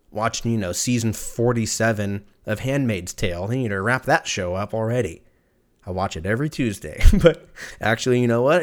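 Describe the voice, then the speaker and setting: Male podcast host, lower register, loose profane storytelling rant, laughs a lot, spikes up high for punchlines. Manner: rambling, profane, laughs often; animated, jumps pitch when excited. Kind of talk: casual solo rant.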